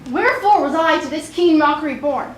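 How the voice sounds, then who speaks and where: A woman's voice: high voice, expressive, brisk, a little hiss or hum. A woman playing a lovesick, scorned young woman, pleading in plaintive verse on stage. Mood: hurt. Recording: echoey stage recording.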